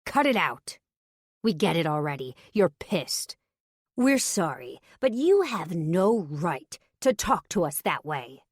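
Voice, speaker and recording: A woman's voice: fairly low pitch, big pitch swings, takes it slowly, breathy edge, no room sound, studio quality, full character voice. A woman voicing a defensive adult man, the brother's best friend, in an audiobook reading.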